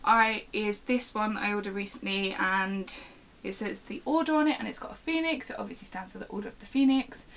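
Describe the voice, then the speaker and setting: A woman's voice: mid-range voice, fairly quick, a bit bright, rough recording. A young woman, chatting casually to the camera at home in a rambling, self-interrupting way. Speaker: vlogger. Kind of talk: casual show-and-tell chat.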